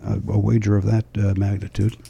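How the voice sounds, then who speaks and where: A man hosting a casual chat podcast, joking in a dry, deadpan way. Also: on the low side, fairly quick, gravelly, noisy background. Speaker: podcast host.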